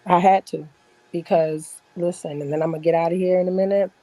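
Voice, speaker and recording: A woman's voice: lowish voice, fairly even intonation, brisk, dark tone, no echo, rough recording. A woman in her forties telling stories in a casual chat as a podcast guest, blunt, boastful and full of profanity.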